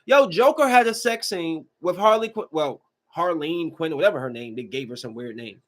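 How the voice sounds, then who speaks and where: A man hosting a podcast, giving a casual, slangy movie review with emphatic rants and quick asides. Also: a little high, lively intonation, fairly bright tone. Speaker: podcast host.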